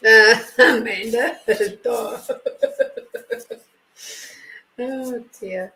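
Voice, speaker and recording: A woman's voice: on the high side, extremely slow, vocal fry, sharp tone, a little hiss or hum, poor audio. A woman hosting a casual live card reading, chatting with viewers by name and reading card texts aloud. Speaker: host and intuitive card reader.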